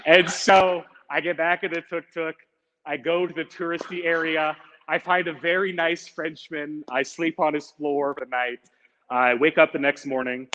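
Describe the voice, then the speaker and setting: A young man telling a comic personal story on stage, casual and animated with lots of fillers. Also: on the high side, moderate pace. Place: event space, streamed online. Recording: echoey, slightly muffled hall sound.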